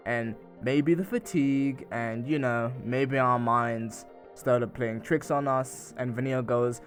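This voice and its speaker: A man's voice: medium pitch, fairly even intonation, slow pace, few pauses, soft background music. Chatty man recapping a game story. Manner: loose, chatty retelling with many "and she goes" asides. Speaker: gaming channel narrator.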